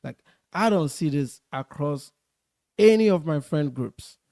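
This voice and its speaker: A man's voice: fairly high pitch, expressive, unhurried, mellow, dry recording, studio quality. A man ranting casually in a clip, profane and dismissive, full of slang.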